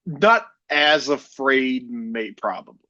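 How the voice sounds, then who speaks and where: A man co-hosting a casual chat podcast, talking in a blunt, profane way with deadpan jokes. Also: mid-range voice, slow, dry recording. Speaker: podcast co-host. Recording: dull lo-fi dry sound.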